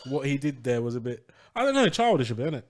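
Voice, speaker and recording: A man's voice: mid-range voice, very animated, fast talker. A man co-hosting a podcast, joking around in easygoing slang. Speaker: podcast co-host. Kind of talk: casual chat.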